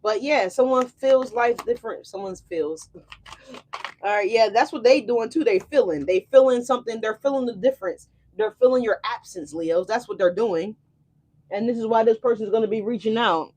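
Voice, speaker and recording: A young adult woman gives a casual tarot reading in a fairly high voice. She is lively and profane and speaks straight to her viewers. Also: normal speed. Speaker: tarot reader.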